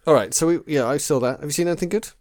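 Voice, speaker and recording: A man's voice: a little high, very fast, darkish tone, dry recording, clean studio sound. A man from England co-hosting a podcast in casual chat, rambling and searching for words with many restarts. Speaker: podcast co-host.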